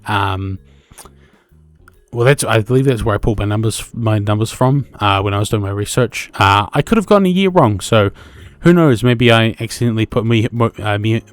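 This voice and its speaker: A man's voice: on the low side, moderate pace, no echo, soft background music. A man in his twenties with a New Zealand accent, hosting a solo podcast in a rambling, self-correcting way and swearing casually. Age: 20s. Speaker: podcast host.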